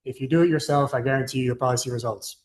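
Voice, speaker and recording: A man's voice: medium pitch, fairly even intonation, racing. A young man giving a casual, chatty presentation to a student club, loose and full of fillers and asides. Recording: echoey room.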